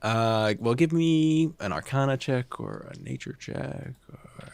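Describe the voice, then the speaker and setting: A man's voice: mid-range voice, expressive, unhurried, creaky, dry recording. A male game master narrates a tabletop game in a chatty, easygoing way with laughing asides. His voice sits mid-range, and the sound is dry and close.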